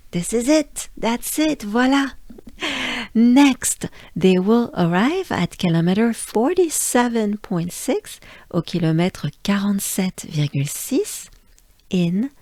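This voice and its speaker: A woman's voice: on the low side, lively intonation, takes it slowly, a little mellow, dry recording. A French-accented woman from France, patiently teaching pronunciation and repeating sounds for the listener to practice. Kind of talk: pronunciation lesson.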